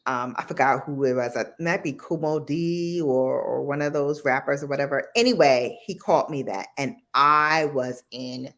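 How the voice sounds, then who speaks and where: A woman with a notably low voice chats as a guest on a livestream. She tells stories at an easy pace, filling pauses with plenty of ums. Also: a bit bright. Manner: chatty storyteller, many ums. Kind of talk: casual livestream chat.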